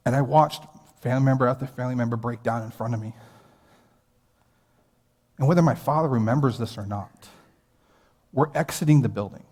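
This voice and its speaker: A pastor in his thirties with an American accent tells a personal story during a sermon, earnest and conversational. His medium-pitched voice has a darkish tone and a brisk pace broken by long pauses, echoing with long hall reverb in the church sanctuary.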